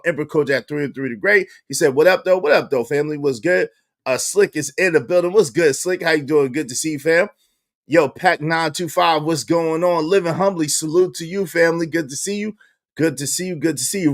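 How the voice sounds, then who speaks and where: A man hosting a livestream, chatting casually and shouting out viewers by name in lively slang. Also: a little high. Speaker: livestream host.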